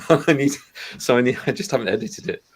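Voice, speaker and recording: A man's voice: mid-range voice, fairly quick, breathy edge. A man chatting on a video call about restoring toys, hesitant and full of ums. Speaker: toy collecting YouTuber. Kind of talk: casual video call chat.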